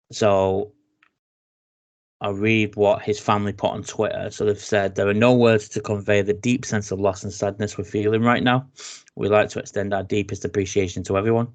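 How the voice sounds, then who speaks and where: Low-voiced English man reading news. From England. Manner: reads news aloud with fillers and restarts. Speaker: podcast host. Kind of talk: casual chat reading wrestling news.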